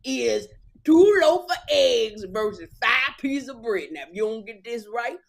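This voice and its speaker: A woman putting on a loud, drawn-out impression of a middle-aged male game show host with a Southern accent. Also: on the high side, very animated, gravelly, pitched above the performer's own voice, exaggerated voice. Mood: showy. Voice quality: loud, drawn-out showman delivery.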